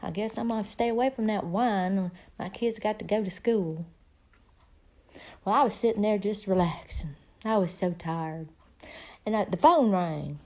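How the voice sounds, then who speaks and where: A woman's voice: medium pitch, moderate pace, a little mellow. A middle-aged woman telling a rambling, folksy comic story in a casual monologue.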